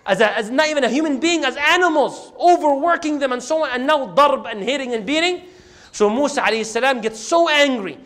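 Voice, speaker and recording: High-voiced, fast, animated male preacher. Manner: animated, acts out the scenes, quotes Quranic Arabic. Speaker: Islamic preacher. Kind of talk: storytelling sermon.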